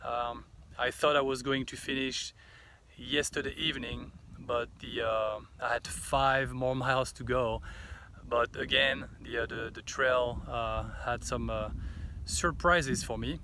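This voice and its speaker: Male solo overland vlogger, outdoors, casual to camera, bright voice, halting, lots of fillers. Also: medium pitch, fairly even intonation, slight background noise. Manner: halting, full of "uh" fillers and restarts. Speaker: solo overland traveler vlogging his trip. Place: outdoors at a trail's end.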